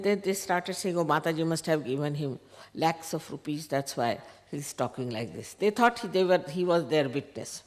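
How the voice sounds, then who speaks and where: Older woman telling a lively anecdote. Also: on the low side. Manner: animated anecdote, quoting others in dialogue, soft laughs. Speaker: spiritual teacher. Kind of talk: storytelling talk to followers.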